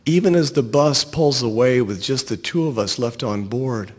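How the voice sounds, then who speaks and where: A man reading a short story aloud in a wry, deadpan storytelling voice. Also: mid-range voice, moderate pace, husky, big-room sound. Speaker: narrator.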